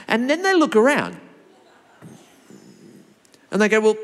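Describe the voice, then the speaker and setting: Animated preacher man in echoey hall. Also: on the high side, fairly quick. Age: 40s. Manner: animated, playful storyteller acting out other people's voices. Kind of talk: sermon with storytelling.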